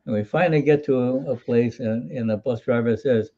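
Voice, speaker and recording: An elderly man in his eighties recalls his army days in an interview, folksy and wry, restarting his sentences as he goes. His voice sits at an ordinary pitch with a mellow, dark tone, and the recording sounds a little dull and lo-fi. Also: brisk. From Hawaii. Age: 80s. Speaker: interview guest, military veteran. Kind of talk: storytelling in an interview.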